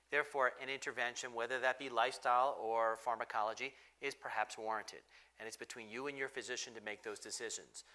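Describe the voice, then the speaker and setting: A man speaking as a physician on a discussion panel, explaining emphatically and moving quickly from point to point. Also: mid-range voice, pushed and bright.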